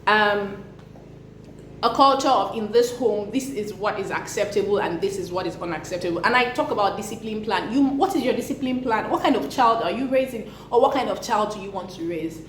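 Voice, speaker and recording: A woman's voice: mid-range voice, fairly quick. A young woman, a parenting vlogger, talking to camera about discipline in an earnest, emphatic way. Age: young adult. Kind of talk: casual talk to camera. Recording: echoey room with faint noise.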